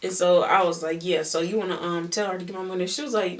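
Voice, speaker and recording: Young woman doing a storytime vlog, animated, lots of slang, mic kinda distant. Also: lowish voice, fast. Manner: animated, slangy, repeats words for emphasis. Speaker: beauty vlogger. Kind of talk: casual storytime.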